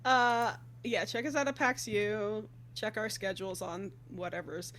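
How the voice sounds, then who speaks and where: A woman's voice: medium pitch, steady tone, a little slow, fairly bright tone, slight background noise. A woman player giving announcements on a stream, earnest and hesitant with many fillers. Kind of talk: casual stream chat.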